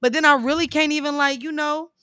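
High, bright-voiced woman, blunt and profane. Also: steady tone, quick pace, no echo, clean studio sound. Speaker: podcast co-host. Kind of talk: casual chat. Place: her house.

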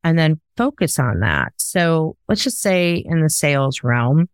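A woman's voice: low-pitched, sing-song, unhurried, clean tone, no room sound. A woman hosting a podcast in casual conversation, talking in an emphatic, coaching way. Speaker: podcast host.

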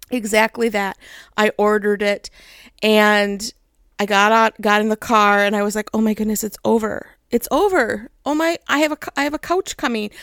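A woman's voice: on the high side, no echo, studio quality. A young adult woman telling a long personal story in a chatty way, laughing often and acting out what people said. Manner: chatty, laughing, animated quoted voices. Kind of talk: casual storytelling.

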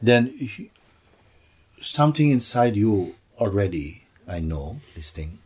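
A man's voice: fairly low pitch, sing-song, measured pace, a little mellow, slightly rough. A man giving a spiritual satsang talk, playful, slipping into acted voices and laughter. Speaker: spiritual teacher.

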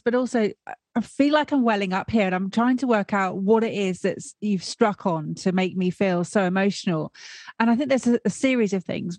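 A woman interviewer responding warmly and reflectively to her guest. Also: medium pitch, dry recording. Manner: warm, effusive, reflective. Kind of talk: conversational interview.

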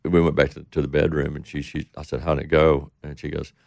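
A man's voice: very deep voice, flat delivery, fast, gravelly, no room sound, studio quality. A middle-aged man telling a rambling story in casual talk, acting out the voices of the people he quotes. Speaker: interview guest.

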